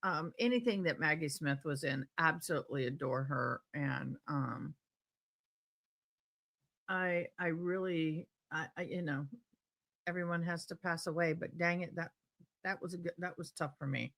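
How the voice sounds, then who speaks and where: A woman's voice: low voice, moderate pace, vocal fry, fairly bright tone. A woman with a Tidewater Virginia accent hosting a live stream, chatting casually and rambling as she reads comments aloud.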